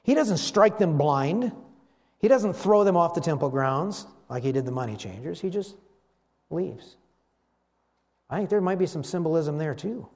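A man preaching a sermon, telling Bible stories with animated delivery and acting out the voices of the people in them. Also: a little high, moderate pace, pauses often. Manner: animated storytelling, acts out voices of biblical figures.

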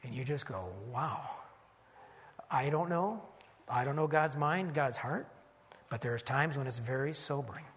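A man's voice: mid-range voice, normal speed, a bit bright, husky. A man, a pastor, preaching an earnest expository sermon that he teaches point by point. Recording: long hall reverb.

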